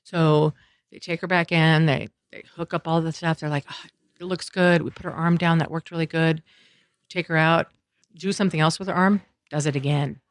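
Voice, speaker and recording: Here the same kind of speaker, a podcast guest from Colorado, USA, talks at normal speed in a low, steady voice, recorded in studio quality with no room sound. In a coffeehouse setting she casually relates a lengthy story from her life, voicing what others said through strings of run-on phrasing.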